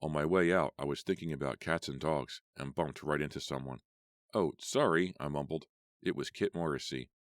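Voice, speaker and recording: A man narrating a first-person horror audiobook in a measured storytelling manner. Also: a bass voice, fairly even intonation, no room sound, clean studio sound.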